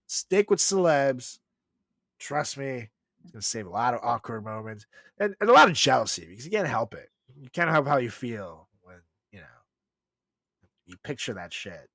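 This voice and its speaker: A male podcast host talks in a loose, crude, joking way, with lots of laughter and filler words. His voice is bright and animated, and the pitch swings widely. The recording is dry and close. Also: no echo. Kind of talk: casual comedic chat.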